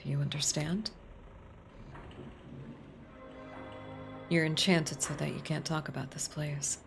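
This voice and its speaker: A woman voicing a stern librarian, guarded and terse, low voice, faint game music behind. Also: moderate pace, natural voice. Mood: hushed, guarded. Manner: clipped, sometimes dropping to a sharp whisper.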